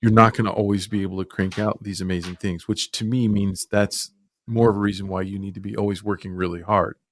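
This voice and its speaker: A man's voice: on the low side, little pitch movement, fast talker. A man hosting an art podcast, reflective and drawing lessons out for students. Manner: reflective, draws takeaways for students. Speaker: podcast host. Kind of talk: casual podcast discussion.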